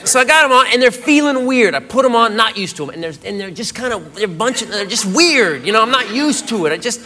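High, lively stand-up comic man. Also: quick pace. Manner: rambling, self-mocking storytelling with loud acted-out bits. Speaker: stand-up comedian. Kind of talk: stand-up comedy routine. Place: comedy club stage. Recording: live club with audience laughter and noise. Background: audience laughing.

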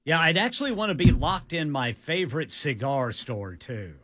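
A man's voice: on the high side, sing-song, moderate pace, fairly bright tone, slight background noise. A man co-hosting a radio show, bantering playfully and going along with the jokes. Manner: playful, goes along with the bits.

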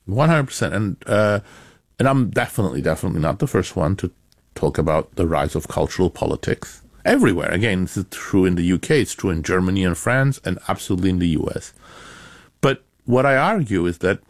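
Deep-voiced man explaining ideas. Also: dry recording, studio quality. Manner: measured, explanatory, lively emphasis. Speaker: author and academic guest. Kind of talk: interview answers.

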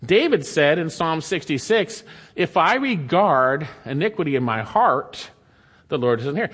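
Male preacher mid-sermon, high-pitched, swinging between emphatic peaks and quiet drops, reverberant church sound. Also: big pitch swings, measured pace, husky. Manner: preaching with emphatic rises and drops, reading scripture aloud. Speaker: pastor. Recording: long hall reverb.

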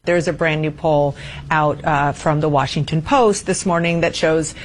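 Low-voiced woman on a TV news clip. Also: steady tone, normal speed, slight background noise. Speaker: TV news anchor. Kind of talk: broadcast news discussion.

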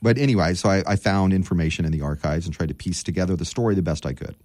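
A man's voice: deep voice, racing, a little mellow, no echo. A man who wrote a book, a guest in a radio studio, talking casually and asking curious, self-deprecating questions about French. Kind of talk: radio interview conversation.

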